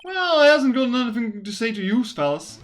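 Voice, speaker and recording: A woman voicing a blustering male mobster who talks in gruff tough-guy slang and makes threats. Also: a little high, sing-song, a little fast, pitched above the performer's own voice. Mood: menacing.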